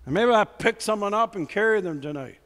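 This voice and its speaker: A man's voice: sits high, lively intonation, brisk, a bit bright, in a large hall. A man preaching a sermon, reading scripture with emphasis and urging the congregation on with repeated calls of "come on". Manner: reads scripture aloud with emphasis.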